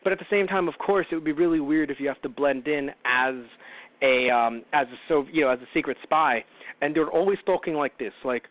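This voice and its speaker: A man's voice: fairly high pitch, lively intonation, brisk, no room sound. A man hosting a casual movie review show, rambling and correcting himself with wry asides. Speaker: podcast host. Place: home. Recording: tinny phone-line call-in audio.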